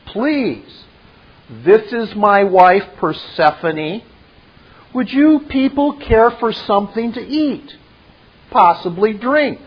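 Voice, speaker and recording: A man's voice: high voice, pitched above the performer's own voice, heavily acted. A man voicing a smug, self-assured, French-styled male program, with grandiose theatrical delivery. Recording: dull lo-fi recording.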